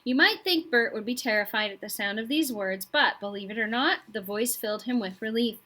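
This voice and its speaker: A woman's voice: a little high, brisk, bright, forceful tone. A woman reading a children's novel aloud chapter by chapter, speaking directly to young listeners. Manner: friendly, addresses children directly. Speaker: children's storybook reader.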